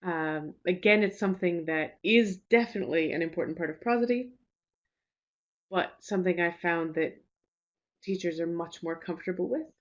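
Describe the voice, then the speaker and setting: Woman, teacher trainer, webinar talk; lowish voice, relaxed and reassuring, many fillers; slightly muffled video-call sound. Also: moderate pace. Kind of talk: webinar presentation. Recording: slightly dull lo-fi webinar audio.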